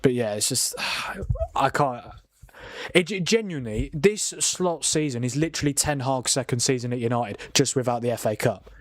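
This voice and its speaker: A man, hosting a live football watchalong and chatting in a rambling, animated way, with plenty of laughs and restarts. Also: medium pitch, moderate pace, no room sound, clean studio sound. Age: 40s. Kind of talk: casual live commentary and chat.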